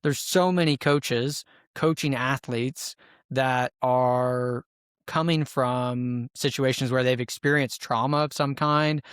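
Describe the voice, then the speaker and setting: A man's voice: medium pitch, fairly even intonation, slow, a bit bright, smooth, dry recording. Male podcast host, mid-range voice, curious and reflective, dry close-mic sound. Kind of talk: podcast interview, asking questions.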